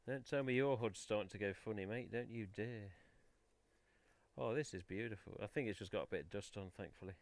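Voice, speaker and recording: A man's voice: fairly low pitch, normal speed, long pauses, dry recording. A man with an English accent hosting a casual live stream, chatting and mildly swearing while he rummages through boxes on a headset mic. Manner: chatty, mild swearing, talks while handling items. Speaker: host of a collectors' live stream.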